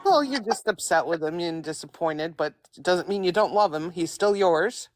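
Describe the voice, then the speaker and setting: A woman in casual chat, blunt and quick to laugh, swearing casually. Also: lowish voice, animated, music in the background.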